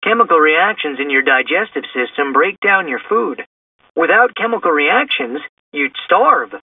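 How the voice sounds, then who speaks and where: A man's voice: on the high side, expressive, normal speed, breathy edge, no room sound. A man playing a take-charge teen gang leader. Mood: leading. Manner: commanding, rallying. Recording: distant, tinny phone-like sound.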